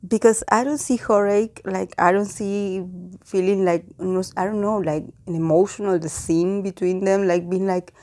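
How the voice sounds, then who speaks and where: A woman's voice: medium pitch, fairly even intonation, moderate pace, mellow. A woman reading tarot cards in a casual monologue. She muses aloud and hesitates often, with many "like"s and "I don't know why"s. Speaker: tarot reader.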